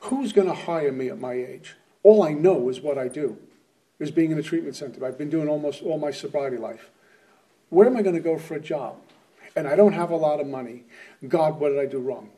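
A man's voice: fairly high pitch, fairly quick, mellow, far from the mic. A middle-aged man giving an earnest, plainspoken personal testimony as a speaker at a recovery meeting.

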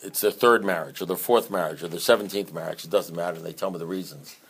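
A man's voice: low-pitched, fast talker, a little hiss or hum. Blunt, rambling middle-aged man. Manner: rambling, repeats and restarts, animated at times; blunt, streetwise. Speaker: divorce counselor and AA sponsor. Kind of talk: unscripted talk.

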